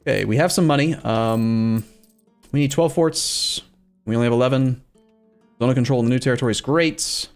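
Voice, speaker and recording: A man's voice: medium pitch, normal speed, clear, resonant tone, faint music behind. A man streaming a strategy game, chatting casually as he plays, thinking aloud and answering his chat. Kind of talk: casual let's-play commentary.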